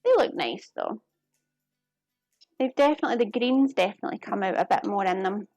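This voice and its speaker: Cooking in her home kitchen, a streamer keeps up a chatty, casual conversation with her viewers. Her mid-range voice is a little mellow with lively intonation and a slightly fast pace. The recording is dry and dull, with faint music behind.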